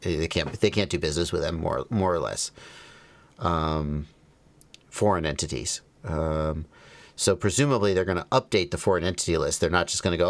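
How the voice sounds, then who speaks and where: A man hosting a livestream reads phrases aloud in a low-pitched voice at a moderate pace, on a dry recording. He comments wryly as he thinks each one through.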